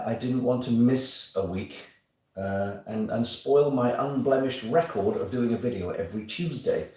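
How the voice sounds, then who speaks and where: A man with a lowish, dark-toned voice runs a casual weekly live stream from home, chatty and jokey, poking fun at himself and teasing viewers as he rambles. It's recorded on a phone on a stand some distance away, so the sound is roomy.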